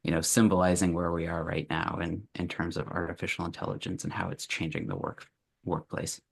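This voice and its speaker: A man's voice: low-pitched, a little fast, gravelly, slightly rough. A man speaking as a guest on a panel discussion, thoughtful, with many hesitant fillers.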